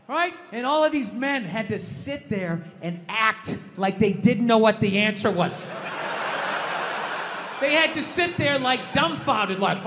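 A middle-aged man doing a stand-up comedy rant, loud and profane, yelling his punchlines. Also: very high voice, moderate pace, in a large hall, noisy background.

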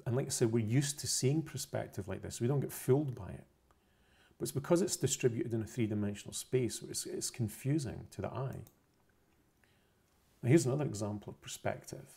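A man's voice: mid-range voice, a little fast, vocal fry, mellow, husky. A man explaining a science topic over pictures, unscripted, methodical and repetitive, often correcting himself mid-phrase. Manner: methodical, repeats points, self-corrections.

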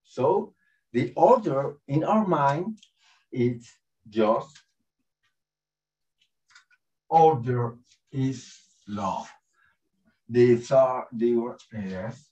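A man gives a slow, halting spiritual talk in a second language, often pausing to hunt for a word and chuckling between thoughts. He sounds distant from the mic, and the call audio is muffled and lo-fi. His voice sits at an ordinary pitch for a man. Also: animated, warm tone. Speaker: spiritual teacher.

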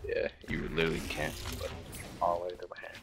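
A man's voice: rumbling low, quick pace, gravelly. A man chatting casually and swearing with friends while playing a video game. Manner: relaxed, swearing banter. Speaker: gamer. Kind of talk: casual gaming chat. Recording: loud background noise.

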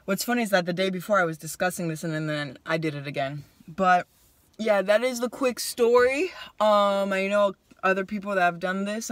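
A young woman vlogger telling a casual story to the camera, chatty and animated, acting out what people said. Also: on the low side, no echo. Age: young adult. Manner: animated, chatty, voices her own quotes. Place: car.

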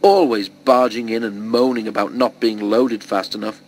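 A man's voice: fairly low pitch, steady tone, moderate pace, a little hiss or hum, lightly acted, low-quality recording. A man voicing a cross, gossipy group of freight trucks who snap and snigger.

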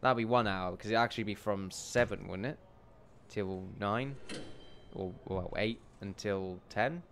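A man giving rambling gameplay commentary, chatty and self-amused, who often laughs and calls his viewers ladies and gentlemen. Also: fairly low pitch, measured pace, slight background noise. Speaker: let's play commentator.

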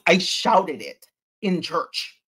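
A man as an interview guest, retelling a personal story in an animated, intense way with sudden loud bursts. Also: on the high side, moderate pace.

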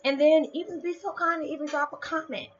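A woman talking casually to her viewers about spiritual matters, animated and often laughing. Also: sits high, fast talker. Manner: animated, laughing, lively swings in loudness. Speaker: vlogger. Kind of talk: casual spiritual vlog talk. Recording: dull lo-fi sound with faint music.

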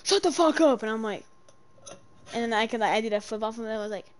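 Young woman gaming, swearing and shouting. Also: on the high side, level tone, rapid-fire, slight background noise. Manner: swearing, yells in panic, then mutters. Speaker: streamer. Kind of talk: casual gameplay chat.

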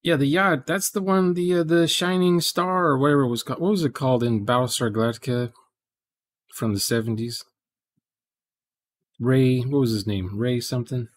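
A man's voice: mid-range voice, fairly even intonation, moderate pace. A man, casually chatting with viewers during a live programming stream, rambling and thinking aloud.

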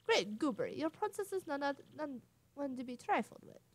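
A woman's voice: high-pitched, sing-song, normal speed, voice pushed up. A woman voicing a hearty old-fashioned male sailor with a put-on British accent.

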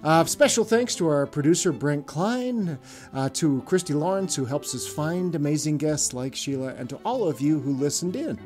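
A man co-hosting a podcast, recapping an interview in a loose, chatty way. His voice sits a touch high, and he leans on fillers as he talks. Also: lively intonation, moderate pace, a little mellow, faint music behind. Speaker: podcast co-host. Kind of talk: casual podcast chat.

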